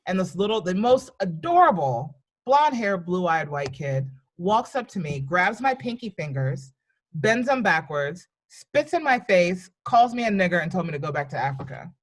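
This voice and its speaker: A woman comedian from New York and Virginia, casually telling lively stories on a podcast and acting out the people in them. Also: fairly low pitch, normal speed. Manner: animated, acts out voices in anecdotes. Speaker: comedian guest.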